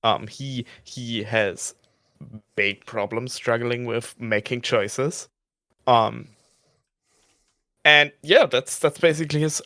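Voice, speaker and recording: A man who is a regular player on a podcast, talking casually in halting bursts and laughing between thoughts. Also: medium pitch, pushed and bright, dry recording, studio quality.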